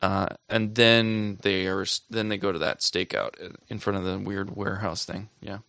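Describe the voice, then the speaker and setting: Gravelly low man, dry close sound. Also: flat delivery, sharp tone, no room sound. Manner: slow, halting, with fillers and restarts. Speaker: podcast co-host. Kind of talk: casual TV episode recap.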